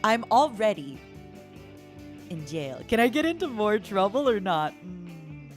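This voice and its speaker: A woman streamer chatting playfully, teasing her viewers as honey and swinging between loud mock-dramatic outbursts and soft murmurs. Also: medium pitch, big pitch swings, unhurried, soft background music. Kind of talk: playful solo stream chat.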